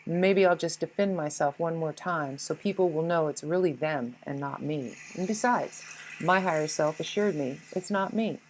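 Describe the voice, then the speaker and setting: A woman's voice: deep voice, moderate pace, slight background noise, lightly acted, poor audio. A woman voicing a petty, defensive inner ego that blames everyone else, whiny and indignant, with swearing. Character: petty defensive ego voice, self-pitying, blaming others.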